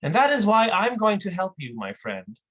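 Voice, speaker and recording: Smug self-help lecturer, patronizing and unhurried, played by the performer. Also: mid-range voice, big pitch swings, fairly bright tone, highs cut off, pitched above the performer's own voice. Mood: condescending. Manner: slow, condescending, lecturing. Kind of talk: comic performance piece.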